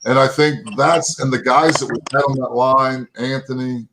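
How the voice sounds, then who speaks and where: A man's voice: mid-range voice, steady tone, moderate pace, background noise. A man in his fifties from Texas, a former pro football lineman telling rambling, folksy anecdotes as an interview guest, often tagging "right?" and "you know". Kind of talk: interview storytelling.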